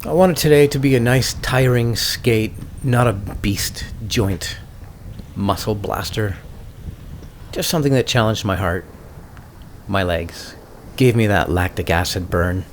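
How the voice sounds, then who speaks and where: Low-voiced man musing casually. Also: unhurried, a little hiss or hum. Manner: relaxed, musing, self-mocking. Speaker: podcast host and skater. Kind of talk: casual solo podcast talk.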